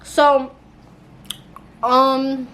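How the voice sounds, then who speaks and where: A young woman telling a storytime for her channel in a casual, animated way, laughing as she talks and using plenty of slang and swearing. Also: sits high, very slow. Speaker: YouTuber.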